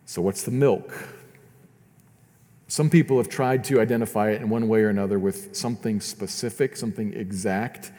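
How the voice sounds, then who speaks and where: A man's voice: fairly low pitch, normal speed, dark tone, in a large hall. A man preaching a sermon as pastor, earnest and often repeating words as he builds his points.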